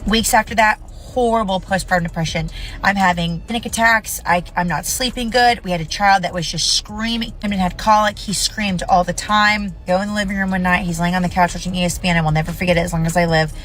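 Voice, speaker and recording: A woman's voice: lowish voice, fairly even intonation, fairly quick, fairly bright tone. Blunt, indignant woman in her thirties. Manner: blunt, indignant, swears freely. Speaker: mother sharing her story. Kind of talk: emotional video rant to camera.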